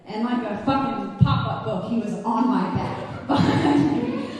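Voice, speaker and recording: On a comedy club stage, a young woman does stand-up, candidly telling a crude story and laughing often. Her voice sits on the high side with huge pitch swings, an unhurried pace and a darkish tone. The mic picks her up from afar, with roomy reverb.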